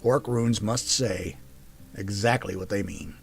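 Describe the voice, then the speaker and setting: A man's voice: lowish voice, measured pace, vocal fry. Man as a big scarred elf brother. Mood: patient. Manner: patient, tutoring, teasing. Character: big scarred male elf, warm teasing older brother.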